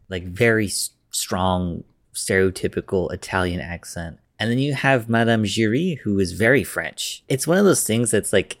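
A man chatting casually about a movie with a friend, relaxed and laughing easily. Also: low-pitched. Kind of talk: casual movie review chat.

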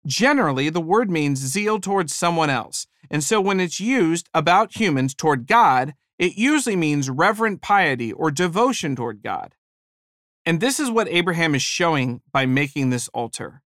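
A man's voice: a little high, big pitch swings, normal speed, fairly bright tone, dry recording, clean studio sound. A man preaching a sermon, emphatic, building his points to rising peaks.

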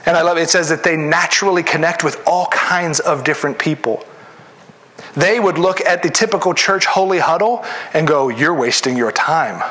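A man preaching a sermon as pastor, animated and acting out the voices he quotes. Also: a little high, normal speed.

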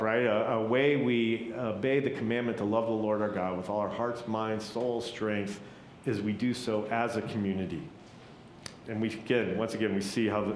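A man's voice: fairly low pitch, slight background noise. Man preaching in an echoey church. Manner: conversational, keeps asking "right?". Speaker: pastor. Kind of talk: sermon.

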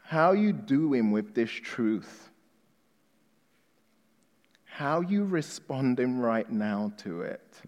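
A male preacher delivering a sermon, quizzing the congregation with emphatic questions and dropping to a hushed tone for appeals. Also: medium pitch, sing-song, drawn-out words, pauses often. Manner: drops to a hushed, reflective tone for appeals. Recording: long reverb of a large hall.

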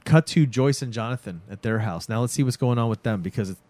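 A man in casual podcast chat, recapping a show with excitement, swearing freely and acting out the scenes. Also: medium pitch, fast, no echo. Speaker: podcast co-host.

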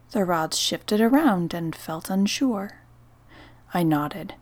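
A woman narrating a first-person story in a soft, partly whispered voice. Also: lowish voice, takes it slowly.

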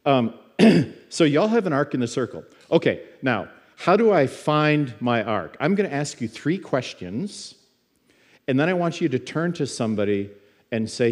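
A man's voice: mid-range voice, big pitch swings, unhurried. Middle-aged male church teacher, mid-range voice, chatty stories, trips over his own words. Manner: storytelling, frequent stammered restarts and repeated words. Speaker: guest teacher in a church service. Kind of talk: conversational sermon teaching.

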